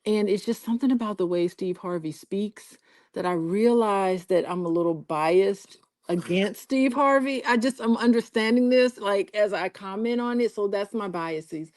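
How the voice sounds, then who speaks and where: A woman's voice: mid-range voice, normal speed, a little mellow, no room sound, clean studio sound. A woman from Alabama co-hosting, giving frank, opinionated casual commentary. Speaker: co-host.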